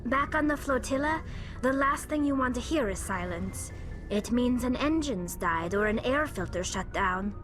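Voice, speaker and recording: Woman voicing Tali, a soft-spoken young alien. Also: on the high side, expressive, moderate pace, music in the background, natural voice. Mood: wistful. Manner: soft-spoken, hesitant and earnest. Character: young shy alien female engineer, homesick. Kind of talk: video game dialogue.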